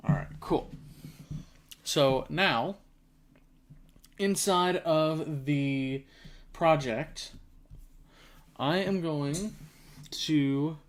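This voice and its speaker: A man's voice: a little high, extremely slow, pauses often. A man hosting a casual coding livestream, thinking aloud step by step while typing at his desk. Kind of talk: casual live coding narration. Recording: audible keyboard typing behind.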